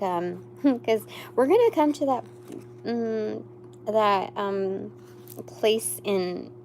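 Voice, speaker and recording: A woman's voice: mid-range voice, darkish tone, a little hiss or hum. A young woman doing a live tarot reading, rambling with many fillers and exclaiming over the cards. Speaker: tarot reader.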